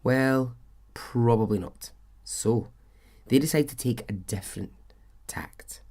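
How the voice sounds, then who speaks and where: A man's voice: mid-range voice, unhurried, warm tone. A man hosting a podcast, telling a true-crime story in a chatty, conversational way with frequent asides. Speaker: podcast host.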